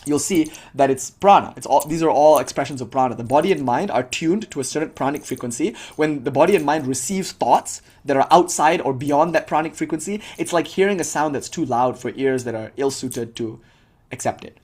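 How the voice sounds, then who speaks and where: A man leads a loose, conversational spiritual talk for his students. He talks quickly and his voice has a husky edge. He keeps dropping in "like" and laughs often. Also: fairly high pitch, darkish tone. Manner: casual, heavy with filler "like", frequent laughter. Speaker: spiritual teacher. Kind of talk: informal dharma talk to students.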